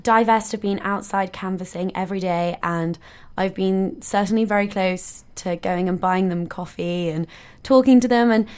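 A woman's voice: medium pitch, moderate pace, few pauses, darkish tone. A young woman, a first-year university student, talking earnestly and enthusiastically as a guest on a radio show, with frequent light laughs. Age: young adult. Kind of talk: casual radio chat. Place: radio studio.

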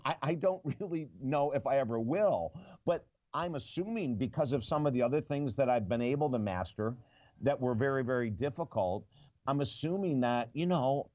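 Man, author interviewed, animated storyteller, acts out quotes, muffled dry line. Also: mid-range voice, normal speed, no echo. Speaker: author and guest.

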